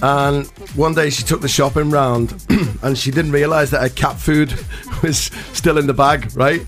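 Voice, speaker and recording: A man co-hosting a radio show, telling anecdotes and slipping in puns as the banter rolls on. His voice sits slightly high. Faint music hums behind him. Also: fairly even intonation, unhurried. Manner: anecdotal, punning.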